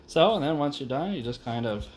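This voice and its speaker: Animated joking young man hosting. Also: medium pitch, brisk, faint music behind. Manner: animated, joking, self-narrating. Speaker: host. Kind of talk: casual hobby vlog.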